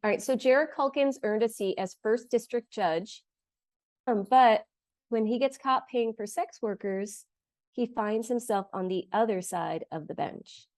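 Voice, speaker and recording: A woman's voice: fairly high pitch, measured pace, darkish tone, no echo. Woman podcast co-host, dry close sound. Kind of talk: casual chat and story telling.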